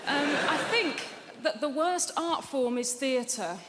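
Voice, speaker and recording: High, blunt deadpan woman comic. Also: slow. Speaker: stand-up comedian. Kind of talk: stand-up comedy. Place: large theatre stage with a laughing audience. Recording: roomy live theatre sound with hall reverb and crowd noise.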